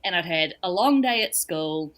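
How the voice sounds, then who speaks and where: A woman's voice: fairly low pitch, lively intonation, normal speed, fairly bright tone. A young woman talks as a podcast guest. She tells her story candidly, with a humorous, conversational edge. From New Zealand. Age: young adult. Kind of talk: casual podcast chat.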